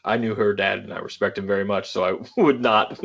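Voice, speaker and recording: A man's voice: on the low side, fairly quick, creaky, a bit bright, a little hiss or hum. A young adult man co-hosting a podcast, telling rambling stories in casual chat and laughing often. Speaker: podcast co-host.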